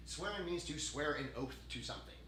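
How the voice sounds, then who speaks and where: Rambling, swearing podcast host in an echoey room. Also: male voice, on the high side, brisk, slight background noise. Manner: animated, rambling, swears a lot, laughs often. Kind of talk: casual chat. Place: room in a home.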